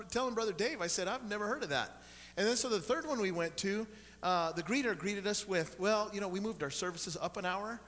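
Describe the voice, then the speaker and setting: A man's voice: sits high, fairly bright tone. A man in his forties preaching as a pastor in a church, folksy and joking with the congregation. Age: 40s. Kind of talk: sermon. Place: church sanctuary. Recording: long church hall reverb.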